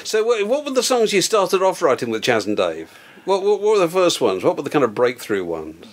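A man's voice: a little high, huge pitch swings, brisk. A man hosting an interview, asking questions and repeating words as he asks. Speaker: interviewer host.

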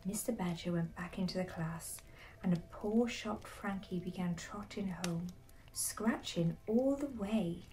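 A woman narrating a bedtime story in a soft, hushed, slow whisper. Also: medium pitch, recorded from a distance, rough recording.

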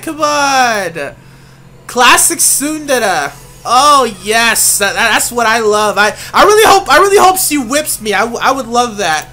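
A woman hosting a let's-play, loud and gushing, who swears freely and often breaks into laughter. Her voice sits high and bright and swings wildly in pitch, though her pace stays unhurried. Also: very animated, soft background music. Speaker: video host.

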